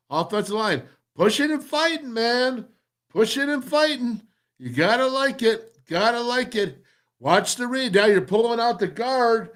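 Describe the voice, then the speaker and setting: A man hosting a football show, breaking down game film with excited, emphatic commentary and lots of repeated phrases. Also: high-pitched. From former offensive lineman.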